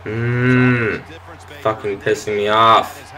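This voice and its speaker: A young man commentating his own football video game, frustrated and swearing, breaking into shouts and laughs at bad plays. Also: lowish voice, little pitch movement, drawn-out words. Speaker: gaming channel host. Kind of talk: gameplay commentary.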